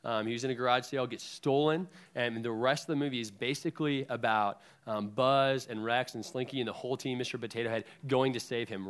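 A young man giving a casual sermon to a youth group, chatty and full of ums, retelling scripture in everyday words. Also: medium pitch. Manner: conversational, frequent ums, lively retellings of scripture.

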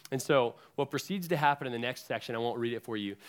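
A man's voice: mid-range voice, fast talker, smooth. A young man giving a casual sermon to a youth group, chatty and full of ums, retelling scripture in everyday words. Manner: conversational, frequent ums, lively retellings of scripture.

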